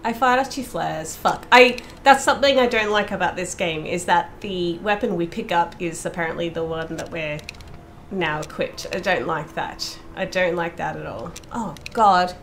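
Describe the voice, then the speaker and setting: Swearing freely and screaming when startled, a woman gives casual commentary while streaming a horror game, mostly talking to herself. She has a lowish, fairly bright voice at a moderate pace, and there's slight background noise.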